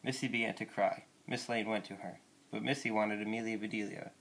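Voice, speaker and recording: A man reading a children's picture book aloud in a gentle, plain storytelling way. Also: on the low side, fairly even intonation, fairly quick. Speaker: reader.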